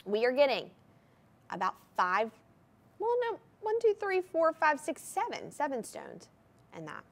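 A woman's voice: high-pitched, wildly swooping pitch, measured pace. A woman hosting a live TV shopping show, presenting jewelry in an enthusiastic, gushing sales patter. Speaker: shopping channel host.

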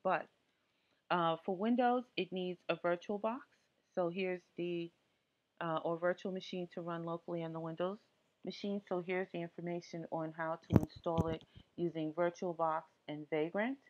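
Low-voiced chatty woman tutorial host. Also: fairly even intonation, normal speed, slight background noise. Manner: chatty, with frequent ums and asides. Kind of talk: casual tutorial explanation. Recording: dull lo-fi audio.

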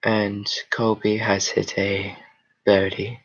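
A young man putting on a hushed golf announcer voice, low and halting, on a dull lo-fi recording. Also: flat delivery, husky, exaggerated voice.

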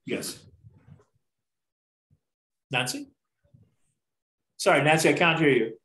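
A man hosting a video-call poetry event, reading verse aloud in a measured, solemn way between brief friendly remarks. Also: on the high side, expressive, a bit bright, roomy sound, low-quality recording.

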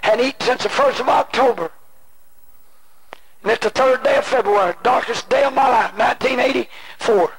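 A male preacher delivering an impassioned sermon, moving between shouted pleading and hushed personal storytelling. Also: extremely high pitch, normal speed. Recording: noisy old cassette tape.

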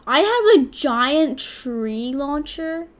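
A young woman hosting a gaming channel, giving excitable live commentary with loud exclamations as she plays. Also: sits high, extremely slow.

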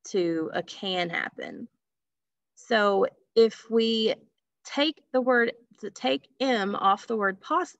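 A woman's voice: a little high, gravelly, a bit bright, dry recording. A woman teaching a phonics lesson to children, patiently stretching out sounds and asking questions. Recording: dull lo-fi recording.

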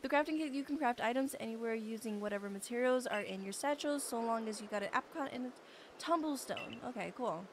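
A woman's voice: fairly high pitch, fairly quick, noisy background. A young woman streaming a game live, chatting playfully with her chat and bursting into squeals.

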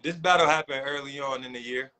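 Laid-back guy co-hosting a battle review, mid pitch, sharp bright tone. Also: a little fast, clean tone, low-quality recording. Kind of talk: casual chat.

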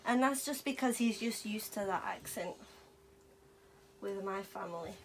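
A woman's voice: medium pitch, moderate pace. A young woman vlogger chatting playfully with her dog, slipping into baby talk and laughing often. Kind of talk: casual chat with her pet.

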